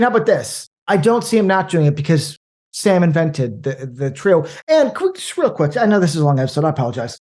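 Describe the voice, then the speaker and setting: A man talking casually about movies, rambling and animated, with frequent restarts. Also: fairly high pitch. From American Midwest. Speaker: podcast guest.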